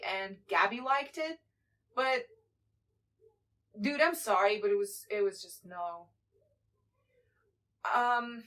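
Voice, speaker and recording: A woman's voice: medium pitch, a bit bright. A young woman from Ukraine, a book vlogger giving a casual reading wrap-up in a chatty, apologetic way with many fillers and restarts.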